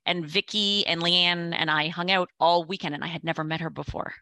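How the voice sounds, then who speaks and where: A woman's voice: lowish voice, fairly even intonation, a little fast, sharp tone, dry recording. A middle-aged woman chatting casually as a podcast guest, telling stories and acting out what others said. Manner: chatty storyteller, acts out quoted voices. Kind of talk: casual chat.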